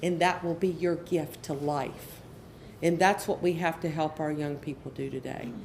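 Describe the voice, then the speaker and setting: A woman's voice: on the low side, darkish tone, a little hiss or hum. A middle-aged woman speaking earnestly at a conference session as an educational counselor, repeating her key points for emphasis. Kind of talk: conference presentation to an audience.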